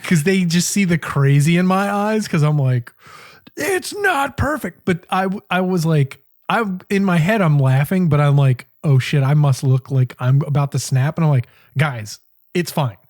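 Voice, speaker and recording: A man telling a story in casual podcast chat, swearing constantly. He jumps into his own past words with lively, exaggerated delivery, like a co-host riffing with a friend. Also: on the high side, normal speed, few pauses. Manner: profane, animated storytelling, quoting himself. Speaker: cooking school podcast co-host.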